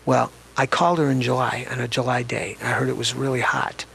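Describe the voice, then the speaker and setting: An older man with a gravelly edge speaks as an interview guest, recalling his past at an ordinary pitch. He talks in a reflective, conversational way and often restarts his sentences. Faint ambient noise sits behind him. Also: little pitch movement, brisk, fairly bright tone. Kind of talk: reminiscing storytelling in an interview.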